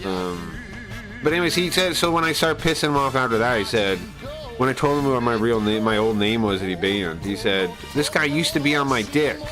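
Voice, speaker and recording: A man's voice: mid-range voice, lively intonation, a little fast, over music, poor audio. A man on a live stream ranting casually. He swears a lot, sounds aggrieved and rambles with restarts.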